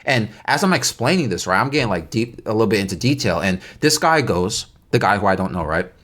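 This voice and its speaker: A young man telling a casual story time vlog, animated and incredulous as he reenacts the night. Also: on the low side, brisk.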